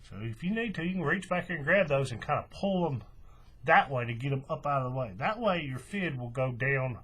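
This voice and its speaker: A man explaining a craft step by step in a relaxed, folksy way. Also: mid-range voice, brisk, slightly rough. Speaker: craft tutorial host. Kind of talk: hands-on tutorial walkthrough.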